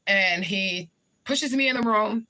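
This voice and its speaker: A woman's voice: medium pitch, slow pace, sharp tone. A woman telling a personal story in casual talk, swearing freely, repeating points for emphasis and checking in with the listener. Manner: conversational, keeps checking in with the listener. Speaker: spiritual reader.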